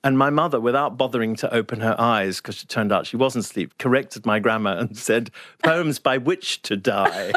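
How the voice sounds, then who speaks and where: An older man from Zimbabwe talks through his memories as an interview guest, wry and measured, often restarting his sentences. His voice sits at an ordinary middle pitch. The studio sound is close and dry. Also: steady tone, fairly bright tone, no echo. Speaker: guest writer. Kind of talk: reflective conversational storytelling.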